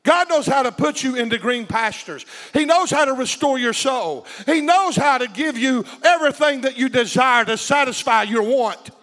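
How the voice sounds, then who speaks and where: Man preaching hard, way high voice, calls on the crowd to answer, big echoey church. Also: animated, normal speed, few pauses, a bit bright. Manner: impassioned preaching, call-and-response with congregation. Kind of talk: sermon. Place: church sanctuary. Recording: long reverb of a large hall.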